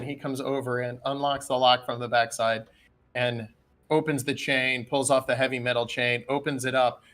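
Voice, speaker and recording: A man narrating as dungeon master in a casual, relaxed way, with frequent fillers. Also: medium pitch, normal speed. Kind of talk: narrating a tabletop game on a live stream.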